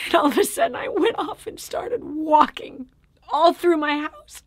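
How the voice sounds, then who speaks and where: A woman's voice: high voice, moderate pace, no echo, studio quality. A woman giving a personal testimony and preaching, dramatic in delivery and often dropping to a whisper. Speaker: Christian motivational speaker.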